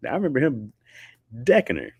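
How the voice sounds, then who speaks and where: A man's voice: medium pitch, huge pitch swings, measured pace, a little mellow, husky, dry recording, studio quality. A man chatting casually on a livestream, slangy and rambling, laughing often. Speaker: streamer.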